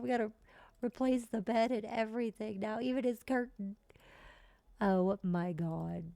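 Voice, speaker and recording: A woman streaming live gameplay, chatting casually and cursing freely while voicing her characters in quick high asides. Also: gravelly, warm tone, dry recording. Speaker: streamer playing a life-simulation game.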